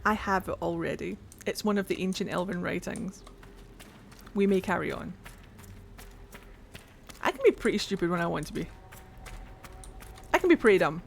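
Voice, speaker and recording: A man's voice: high voice, expressive, moderate pace, vocal fry, long pauses, slight background noise. A man with a Scottish accent giving casual, rambling let's-play commentary, mocking himself and thinking aloud. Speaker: streamer playing a game.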